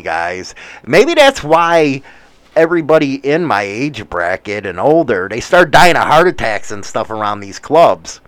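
A man in his forties with a Chicago accent, rambling through news with profane, animated asides. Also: mid-range voice, smooth, no echo. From United States. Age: 40s. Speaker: commentator reading news. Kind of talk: casual commentary.

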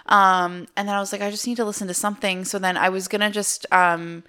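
A woman co-hosting a podcast in casual chat, with a soft, smooth voice, chatty and prone to tangents. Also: mid-range voice, steady tone, fast talker. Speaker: podcast co-host.

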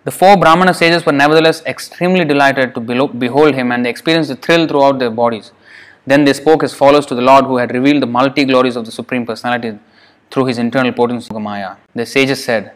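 A man's voice: medium pitch, brisk. A man reading a scripture passage aloud and then explaining it in a lecture, with emphatic rhetorical questions, chuckles and many "you know" fillers. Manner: frequent fillers and restarts, emphatic. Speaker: scripture teacher. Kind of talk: scripture reading with sermon commentary.

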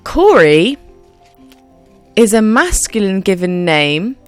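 A woman's voice: mid-range voice, big pitch swings, slow pace, clear, resonant tone, soft background music. A woman on a casual radio chat show, quizzing the others in a chatty way. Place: radio studio.

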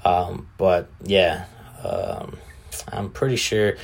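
A man's voice: low voice, measured pace, long pauses. A man hosting a casual solo podcast, rambling in a laid-back, profane way. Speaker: podcast host.

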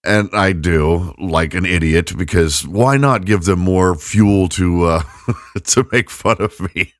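A middle-aged man with a very low voice tells a long, rambling story, mocking himself and laughing along. It sounds dry and close, with no room around him. He is a podcast host talking casually. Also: slow, no room sound.

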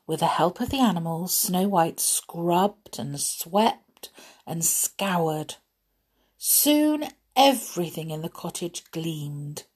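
A woman narrating a children's story in a gentle, friendly way and then warmly signing off to her listeners. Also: fairly low pitch, expressive, slow pace, husky. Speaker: storyteller host.

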